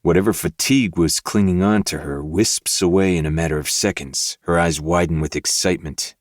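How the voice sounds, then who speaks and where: Brief: very deep male narrator, dry close recording, steady audiobook read. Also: fairly quick, no echo. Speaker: podcast host reading a novel aloud. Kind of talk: first-person audiobook narration.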